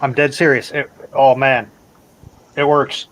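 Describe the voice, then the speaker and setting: A man's voice: medium pitch, flat delivery, measured pace, a bit bright, slight background noise, low-quality recording. A man in casual group chat on a livestream, talking bluntly and emphatically with easy swearing.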